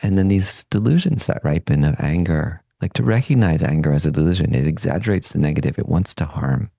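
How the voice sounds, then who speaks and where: Low gravelly male voice, mellow and unhurried; a meditation teacher reflecting calmly. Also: no room sound. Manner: calm, unhurried, gently reflective. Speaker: podcast host and meditation teacher. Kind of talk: reflective Buddhist teaching talk.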